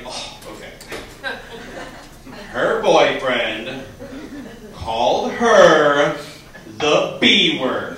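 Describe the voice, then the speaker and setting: A man from Canada doing an animated stand-up comedy set on a club stage, building to shouts on the punchlines. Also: on the high side. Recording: echoey club from a distance, crowd laughing.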